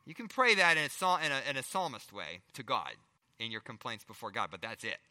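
A middle-aged male pastor preaching a sermon, firing rhetorical questions and swinging between loud emphasis and hushed asides. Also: mid-range voice, very animated, fairly quick, big-room sound.

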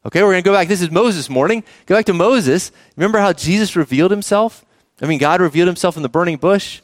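A middle-aged man preaching a sermon as pastor, conversational and animated, often asking the congregation questions. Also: high voice, fast talker, no room sound, studio quality.

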